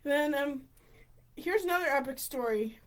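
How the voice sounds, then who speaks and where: Giggly, high-voiced rambling woman. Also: moderate pace. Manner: excitable, rambling, giggly, full of restarts. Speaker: vlogger. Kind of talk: casual storytelling.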